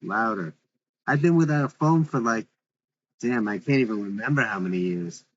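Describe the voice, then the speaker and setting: A man's voice: fairly low pitch, brisk, fairly bright tone, muffled recording, lightly acted. A man reading the part of an insecure young boyfriend who pleads and apologizes.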